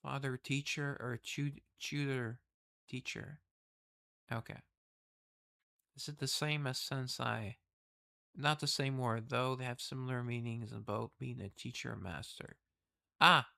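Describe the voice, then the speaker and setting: Western guy reading game text out loud, rambly, kinda bright tone. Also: mid-range voice, fairly even intonation, unhurried, gravelly, long pauses. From the West. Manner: rambling, self-interrupting asides. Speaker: game streamer reading the story. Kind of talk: casual commentary and story reading.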